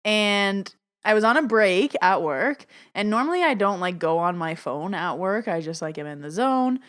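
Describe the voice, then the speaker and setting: A woman's voice: animated, normal speed, fairly bright tone, clear, resonant tone. A woman hosting her own podcast as a psychic medium, telling personal stories in a chatty way, full of "like" and acted-out quotes. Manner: chatty, lots of "like", acts out quotes with big pitch jumps. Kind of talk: casual storytelling monologue.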